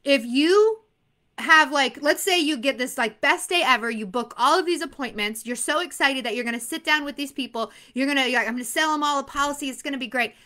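High-pitched upbeat woman, pep talk for insurance exam students, laughs a lot, repeats herself for emphasis. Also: fairly quick. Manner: energetic, animated, laughs often.

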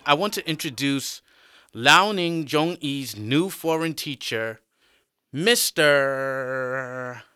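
A man's voice: a little high, pushed and bright, clean tone, dry recording, clean studio sound, voice pushed up, heavily acted. A man voicing a smug, prying middle-aged male teacher who brags and pokes at people. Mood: addressing class.

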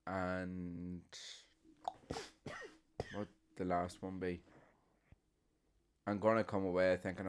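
A man's voice: low voice, flat delivery, slow pace, long pauses, smooth. A young man co-hosting a casual podcast, blunt and swearing heavily. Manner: blunt, heavy swearing, storytelling. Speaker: podcast co-host. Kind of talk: casual chat.

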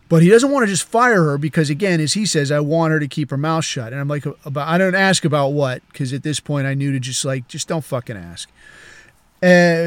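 A man's voice: fairly high pitch, no room sound. Profane, rambling male podcast storyteller. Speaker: podcast host. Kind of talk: crude casual storytelling.

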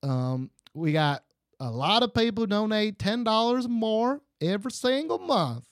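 Bad-on-purpose Texan drawl, a man hamming it up, bouncy delivery, slightly high. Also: big pitch swings, dry recording, studio quality, heavily acted. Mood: hammy. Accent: exaggerated Texan. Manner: deliberately bad, self-mocking.

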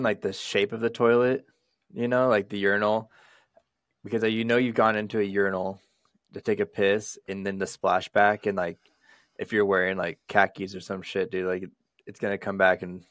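Gravelly, laid-back male co-host. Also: on the low side, fairly bright tone, no echo, studio quality. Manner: laid-back, rambling, crude. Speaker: podcast co-host. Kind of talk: casual podcast chat.

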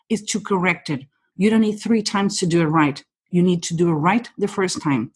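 A woman with a slightly low, husky voice talks through a podcast as a behavior expert. Her non-native English phrasing is blunt and direct, laying out one reading of the listener after another. She drops in an affectionate "honey" as she goes. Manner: direct and rapid-fire, reads the listener point by point, says "honey". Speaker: guest, human behavior expert. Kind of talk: casual podcast conversation.

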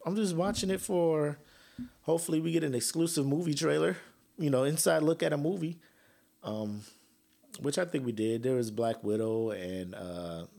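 A man's voice: on the high side, moderate pace, vocal fry. A young man hosting a podcast, ranting casually with slang, swearing and sarcasm. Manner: profane, animated, sarcastic, slangy. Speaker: podcast host.

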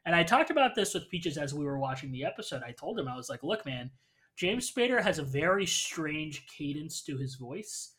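Bright-voiced man hosting a podcast. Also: a little high, big pitch swings, a little fast, few pauses. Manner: talkative, explains at length with fillers. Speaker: podcast host. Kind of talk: casual chat reviewing a show.

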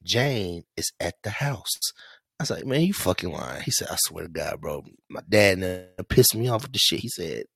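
A man telling a story on a casual podcast, profane and animated, acting out what friends said. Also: deep voice, a little fast, creaky, hardly any pauses, breathy edge, no room sound. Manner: animated, profane, laughing, acts out quotes. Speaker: podcast host.

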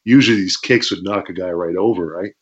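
A Canadian man, a former pro wrestler, telling stories in a casual interview, acting out shouts and sound effects and laughing often. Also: sits low, a little fast. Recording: dull lo-fi audio.

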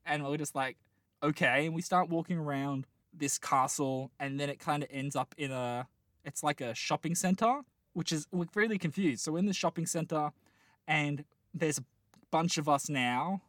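A man's voice: fairly high pitch, moderate pace, fairly bright tone, no room sound, clean studio sound. A man in his late twenties chatting casually, telling a long rambling dream with lots of laughter and restarts. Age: late 20s. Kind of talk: casual chat, dream storytelling.

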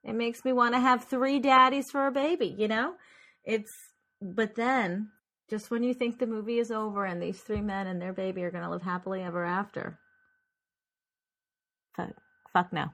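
A woman's voice: medium pitch, steady tone, moderate pace, fairly bright tone. A woman co-hosting a casual movie podcast, talking animatedly and laughing often as she plays up the plot's twists. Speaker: podcast co-host.

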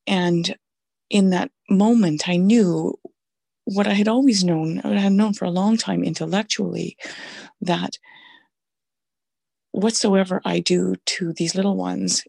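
A middle-aged woman with a weak, husky voice shares a personal faith testimony, halting and reflective, with many fillers. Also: fairly low pitch, fairly even intonation, a little mellow, dry recording. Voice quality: gravelly, husky voice. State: voice sounds weak or flaky. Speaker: Catholic mother sharing testimony.

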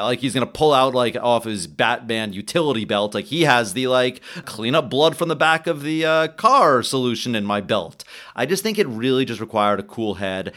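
Animated man discussing films. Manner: animated, swings pitch, acts out quotes. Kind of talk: casual film discussion.

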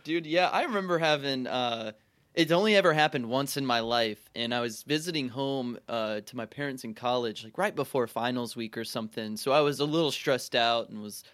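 A man's voice: mid-range voice, fairly quick, fairly bright tone, no room sound. Easygoing young man, dry close sound. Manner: easygoing, laughs often, says "dude" and "like". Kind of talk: casual chat.

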